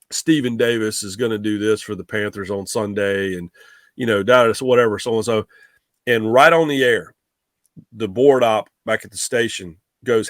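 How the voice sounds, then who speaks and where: Animated middle-aged man, dry sound. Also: lowish voice, no room sound. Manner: animated, rambling with restarts. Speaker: guest sportswriter. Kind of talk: casual storytelling.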